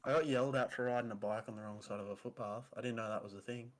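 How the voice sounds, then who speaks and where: A man's voice: medium pitch, fairly even intonation, racing. Rambling man telling stories. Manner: rambling, easily sidetracked storyteller. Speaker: podcast co-host. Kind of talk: casual chat.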